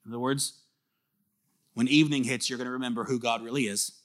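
A man's voice: mid-range voice, quick pace, pauses often. A man, a pastor, preaching a conversational sermon, acting out little quoted exchanges as he teaches. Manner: animated, conversational, acts out quoted voices.

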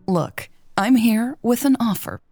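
A self-assured female boss, warm-toned and a bit husky, speaking with eager, purring enthusiasm, as a woman reads her lines. She speaks slowly, and faint music sits under the voice. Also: a little high, expressive, dry recording, studio quality, pitched above the performer's own voice. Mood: enthusiastic. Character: confident, playful female chocolate boss.

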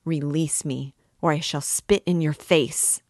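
A woman's voice: low voice, fairly even intonation, measured pace, a little mellow, no echo, studio quality. A woman voicing a furious young woman fighting off an attacker in a storybook reading, her voice trembling with wrath.

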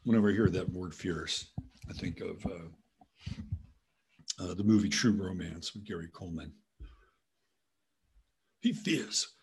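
A man's voice: sits low, steady tone, normal speed, long pauses, darkish tone, slight background noise. A man hosting a casual commentary show, rambling from topic to topic and now and then talking to his dog. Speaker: host.

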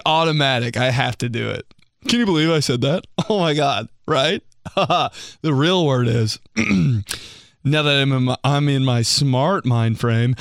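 A man's voice: mid-range voice, creaky, a bit bright, no room sound, clean studio sound. A man hosting a comedy show, reading out listener stories in a casual, joking way. He laughs often and slips into mocking voices.

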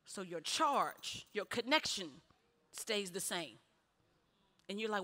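A woman preaching a sermon, animated, with punchy repeated refrains and laughing between lines. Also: medium pitch, slow, pauses often. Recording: long hall reverb.

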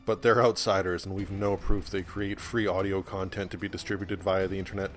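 A podcast co-host voices a wary townsman in a comedy sketch. His delivery is gruff and suspicious, and his voice sits low. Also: flat delivery, brisk, faint music behind.

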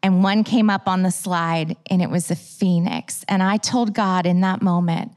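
A woman with a slightly low voice teaches a church audience about prayer. She tells her stories in an animated way and acts out the lines she spoke. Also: normal speed, hardly any pauses.

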